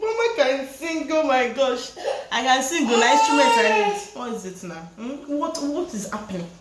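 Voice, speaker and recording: A woman's voice: high voice, animated, moderate pace, reverberant, heavy background noise. A woman with a Nigerian accent chatting casually while she cooks at home, laughing often and slipping Yoruba phrases into her English. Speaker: vlogger and mother. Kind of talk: casual chat while cooking. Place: home kitchen.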